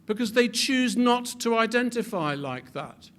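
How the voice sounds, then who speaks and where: A man giving a public talk with animated delivery, building to emphatic peaks and often repeating words as he restarts his sentences. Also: very high-pitched, a little slow. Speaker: speaker.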